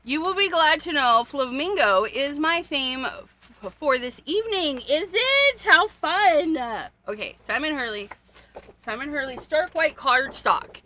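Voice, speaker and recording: A chatty woman hosts a crafting livestream from her home craft room, talking straight to her viewers as she sorts through paper. Her voice sits high and bright, and she speaks at an unhurried pace. A faint hum of room ambience sits under the desk mic. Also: expressive. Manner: chatty, talks to viewers while rummaging through supplies, gasps and laughs often. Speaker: card-making livestream host. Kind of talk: casual livestream chat.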